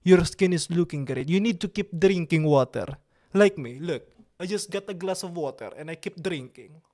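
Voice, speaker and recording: A man hosts a livestream in a slightly raised voice. He chats with viewers in a playful, preening, mock-serious way, with halting, broken sentences and stray French words. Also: fairly high pitch, darkish tone. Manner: drops in occasional French words. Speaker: livestream host. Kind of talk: casual livestream chat with viewers.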